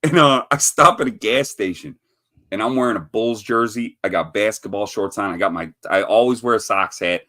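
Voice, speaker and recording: Hosting a laid-back livestream chat, a man from around Chicago spins a meandering, foul-mouthed story, frequently breaking off to laugh. His voice is lowish and sharp, and he talks at a moderate pace.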